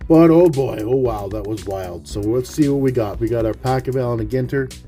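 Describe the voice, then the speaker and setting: A man hosting a card-collecting vlog, chatty and rambling, swinging from hushed awe to loud excited outbursts. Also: mid-range voice, a little fast, faint music behind. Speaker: card-collecting channel host.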